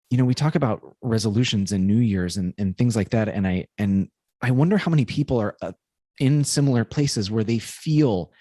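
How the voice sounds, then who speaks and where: A male podcast co-host telling a personal story in a casual, thoughtful way, often halting and restarting. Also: mid-range voice, a little mellow, dry recording, studio quality.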